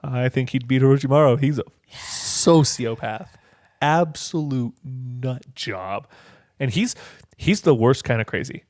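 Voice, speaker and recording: A man's voice: medium pitch, animated, unhurried, darkish tone, no echo, clean studio sound. A man co-hosting a podcast in casual chat, making his points emphatically and repeating them. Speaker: podcast co-host.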